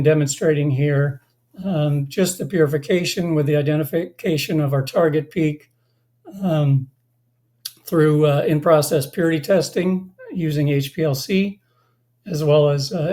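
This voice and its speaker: Webinar presenter, mellow tone, a bit hoarse, halting delivery full of fillers. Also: mid-range voice. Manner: halting, many filler sounds and restarts. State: slightly hoarse, losing voice. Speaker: company presenter.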